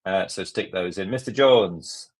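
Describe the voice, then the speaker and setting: A man hosting a live software lesson, walking through steps in a chatty, joking way. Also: low voice, a little slow. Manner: chatty, jokey, step-by-step. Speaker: tutorial host.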